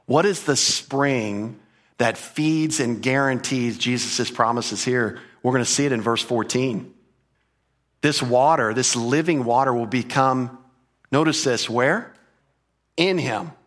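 A pastor preaches an expository sermon, explaining Greek grammar and repeating key phrases for emphasis. His voice is mid-range with a fairly bright tone.

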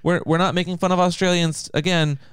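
A man's voice: high voice, steady tone, brisk, fairly bright tone, clear, resonant tone, no room sound, studio quality. A man co-hosting a podcast in casual chat, teasing and joking. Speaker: podcast co-host.

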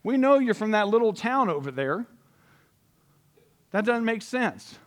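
A man preaching voices a mocking crowd of townsmen, sarcastic and loud. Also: high voice, animated, normal speed, voice pushed up. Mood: scoffing.

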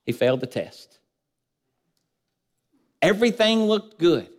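A pastor delivers a sermon in church, piling up repeated lists and rhetorical questions. His voice drops low at the end of phrases, and the room leaves a long reverb tail.

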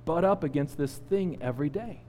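Animated storytelling pastor, echoing hall. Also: male voice, on the high side, a little fast, slight background noise. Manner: animated storyteller, acts out quotes. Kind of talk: sermon with personal story.

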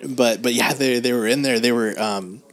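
Man, casual chat, laughs a lot, rambling, swears freely, mid pitch. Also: normal speed, fairly bright tone.

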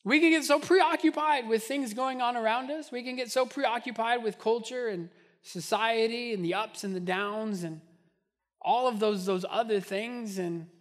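A man's voice: extremely high pitch, normal speed. A man preaching a sermon as pastor, impassioned and repetitive, building in intensity as he goes.

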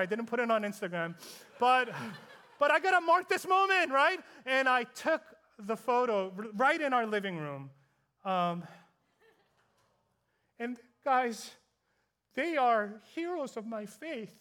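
A man's voice: high-pitched, fairly bright tone. A male pastor telling a personal story in a sermon, chatty and self-deprecating, building to fervent preaching.

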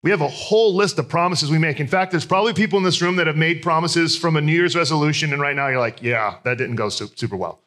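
A man's voice: a little high, fast talker, few pauses, a bit bright. A man in his thirties preaching a sermon, telling candid, self-deprecating personal stories. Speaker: pastor.

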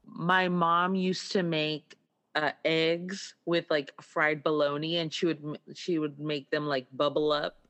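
A relaxed speaker chatting casually about food, laughing often. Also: mid-range voice, a little slow. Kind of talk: casual chat.

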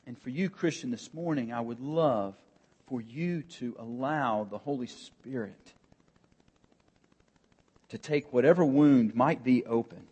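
A man preaching a sermon as pastor, earnest and emphatic, with pauses and rising emphasis. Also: mid-range voice, warm tone, breathy edge.

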